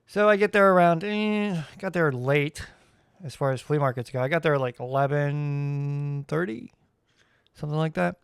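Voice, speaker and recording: A man's voice: a little high, a little fast, clean tone, no echo, clean studio sound. Wry, rambling male podcast host. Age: adult parent. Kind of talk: casual solo podcast chat.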